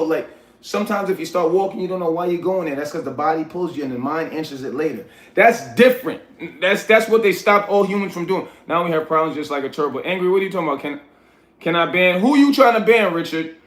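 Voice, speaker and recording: A man with a New York accent chats on his livestream, answering comments one by one. His voice sits high, and he gives blunt, street-style advice. The sound rings in an echoey room. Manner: reads chat aloud, coaching and scolding viewers. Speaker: livestream host. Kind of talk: casual livestream chat.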